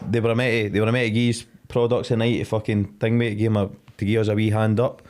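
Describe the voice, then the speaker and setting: A man's voice: fairly low pitch, level tone, fast talker, darkish tone. A Scottish man co-hosting a podcast, telling rambling, sweary anecdotes in casual banter. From Scotland. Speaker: podcast co-host.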